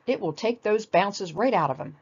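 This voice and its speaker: A woman voicing a fussy, bossy, scheming male rabbit in a storybook reading, clipped and excitable. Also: mid-range voice, normal speed, slightly rough, dull audio. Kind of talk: storybook read-aloud.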